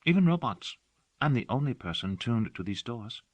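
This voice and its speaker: A man's voice: mid-range voice, big pitch swings, moderate pace, dry recording, voice pushed up. A man reading an audiobook, voicing a devoted young female servant who talks earnestly and dotingly. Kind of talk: audiobook character voice.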